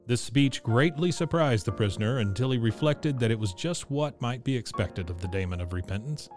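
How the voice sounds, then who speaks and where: A man narrating a classic storybook in a steady, measured reading. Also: mid-range voice, faint music behind. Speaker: audiobook narrator.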